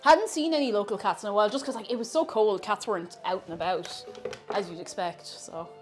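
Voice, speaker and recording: A woman's voice: medium pitch, brisk, faint music behind. A young woman streaming from her home kitchen, chatting playfully and casually while she bakes. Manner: chatty and playful, coos in baby talk to a cat. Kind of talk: casual livestream chat while baking.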